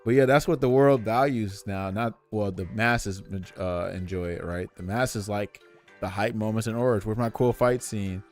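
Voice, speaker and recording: A man's voice: fairly low pitch, normal speed, soft background music. A young man streaming from home, ranting in casual slang and addressing his chat directly. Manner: animated, opinionated, slangy, talks to chat.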